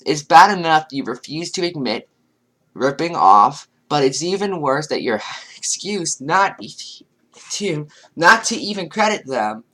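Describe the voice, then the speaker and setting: Bright-voiced sarcastic woman commentator. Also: low voice, sing-song, a little slow. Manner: sarcastic, exasperated. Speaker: commentary youtuber. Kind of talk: reaction commentary reading comments.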